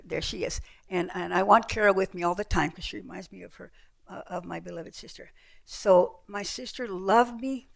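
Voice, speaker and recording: A woman's voice: medium pitch, gravelly. An older woman giving an author's talk, telling travel stories with slides and acting out the people she met. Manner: lively storyteller, acts out voices. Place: heritage center event room with audience.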